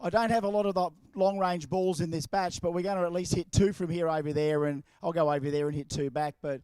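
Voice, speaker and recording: A man's voice: a little high, steady tone, quick pace, darkish tone, clear, resonant tone, dry recording. An Australian man announcing live at an outdoor event over a handheld microphone, chatty and jokey as he calls out to the crowd. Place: outdoors at a racetrack. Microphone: handheld microphone and horn speaker.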